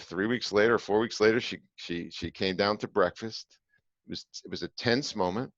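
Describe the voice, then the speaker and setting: A man with a very deep, low voice tells a personal story to his podcast co-host. He is earnest and emphatic and drops in small "uh"s. The sound is dry and a bit dull. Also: moderate pace, fairly bright tone, no room sound.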